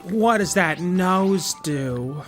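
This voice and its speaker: A man putting on a dreamy, ditzy older woman's voice with a slow, soft, breathy drawl. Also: high voice, animated, faint music behind, voice pushed up, heavily acted.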